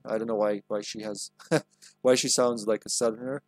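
A man's voice: fairly low pitch, steady tone, normal speed, dry recording, clean studio sound, soft background music. A man streaming a video game live, rambling and making joking asides. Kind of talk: live let's-play commentary.

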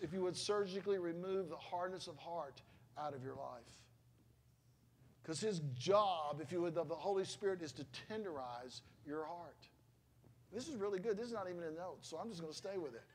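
A middle-aged pastor with a high-sitting voice preaches a sermon. He speaks conversationally, telling stories with emotion and frequent exclamations.

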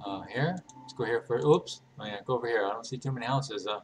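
A man's voice: medium pitch, quick pace, a little hiss or hum. A man giving casual, playful commentary while playing a game, thinking aloud and laughing often. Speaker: gaming channel host.

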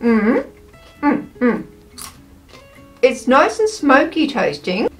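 A woman's voice: high voice, sing-song, very slow, soft background music. An Australian woman chatting bubbly and casually as she taste-tests snacks for her vlog, exclaiming and thinking aloud.

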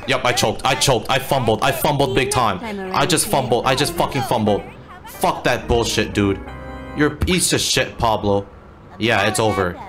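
Guy raging at a baseball video game, cussing nonstop, stuttering over his words, game music playing underneath. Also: lowish voice. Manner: frustrated, swearing, repeating himself. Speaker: gamer. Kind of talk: let's play commentary.

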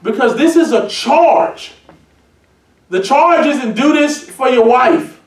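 A man preaching a sermon as a pastor, emphatic and building to shouted points. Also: very high voice, animated, slow pace. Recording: echoey church heard from a distance.

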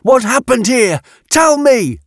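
A man's voice: a little high, animated, unhurried, dry recording, clean studio sound, pitched above the performer's own voice. A man doing a shrieking, furious scientist woman. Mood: harsh. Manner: shrieking, harsh, exasperated. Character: volatile scientist woman, loud, scornful, quick to rage.

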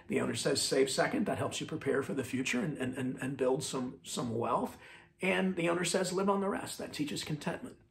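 A male pastor preaching a sermon with a somewhat high voice and a gravelly, fry-laden texture. He talks conversationally, stumbling and restarting words, and drives key phrases home through repetition. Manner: repeats key phrases as a refrain. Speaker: lead pastor.

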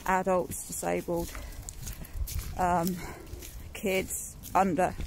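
A woman's voice: on the low side, monotone, extremely slow. A British woman in her thirties, a mother, chatting and rambling to her phone while out walking in the countryside, laughing often. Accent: British English. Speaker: vlogger. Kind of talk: casual chat. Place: outdoors on a rainy country walk. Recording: loud wind and rain noise outdoors.

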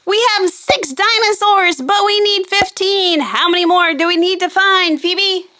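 A young adult woman hosting a children's show, narrating slowly and gently in a sing-song, animated way for kids. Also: very high voice. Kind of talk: slow kid-directed narration.

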